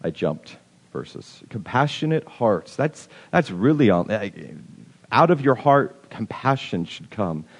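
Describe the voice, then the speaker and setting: A man giving a casual, conversational sermon as pastor, with many halting restarts. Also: medium pitch, very animated, breathy edge. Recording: long hall reverb.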